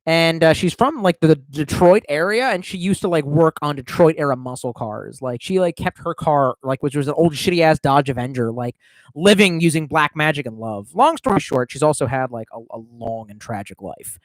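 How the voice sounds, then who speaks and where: A man's voice: fairly high pitch, animated, moderate pace, no room sound. A young man streaming, telling a long rambling story in casual, profane talk.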